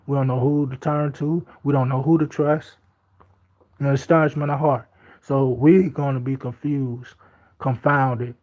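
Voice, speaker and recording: A man gives a casual Bible teaching at a middle pitch. He moves between reading scripture and emphatic, repetitive commentary in everyday speech. The audio is slightly dull and lo-fi. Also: darkish tone. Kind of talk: informal Bible study talk.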